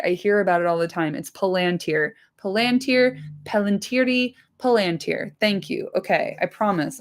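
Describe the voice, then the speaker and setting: A woman's voice: medium pitch, a little mellow. A woman hosting a casual book-chat podcast, rambling along with lots of fillers and cheerful swearing. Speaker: podcast host.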